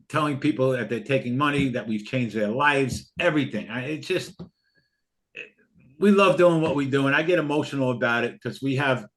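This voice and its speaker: An older man with a mid-pitched voice pushes a trading course hard. He repeats his points and talks from the heart, sounding both pushy and sincere. He is heard over a video call. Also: a bit bright. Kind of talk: live online class sales pitch.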